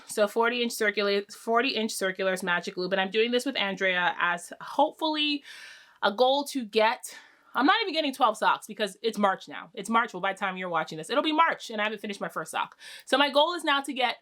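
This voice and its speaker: A woman's voice: on the high side, pushed and bright. A young woman hosting a knitting podcast, chatting casually to camera with lots of fillers and restarts.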